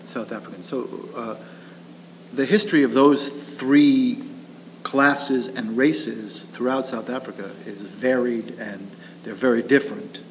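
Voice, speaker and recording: A man's voice: medium pitch, fairly even intonation, unhurried. A male actor talking in an interview. He speaks hesitantly, with many fillers and restarts. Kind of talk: casual interview. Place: theatre rehearsal hall. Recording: reverberant hall with faint background hum.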